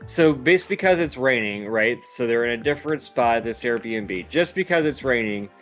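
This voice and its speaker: A man co-hosting a casual podcast, mid-pitched and plain-voiced, picking things apart with dry sarcasm. Faint music plays softly behind him. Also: expressive, normal speed. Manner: sarcastic, critical. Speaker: podcast co-host. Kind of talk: casual chat.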